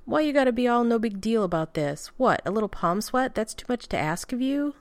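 Woman voicing a frantic male groom, whiny, swearing, raised pitch, loud, dry. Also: lively intonation, a little fast, no echo. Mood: whining. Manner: whiny, profane, flustered outbursts. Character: anxious, exasperated male groom. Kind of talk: audiobook fan fiction reading.

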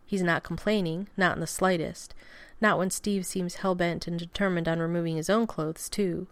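A woman narrating a story aloud in an intimate, expressive reading. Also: lowish voice, moderate pace, dry recording. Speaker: audiobook reader.

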